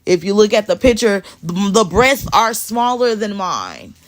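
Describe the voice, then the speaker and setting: A woman speaks straight into her phone during a live stream, pressing her points and often repeating herself. She replies to viewers' comments as they come in. Her voice has a middling pitch. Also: very animated, measured pace. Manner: emphatic, repeats phrases, responds to chat. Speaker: livestreamer talking to viewers. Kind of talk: casual live stream talk.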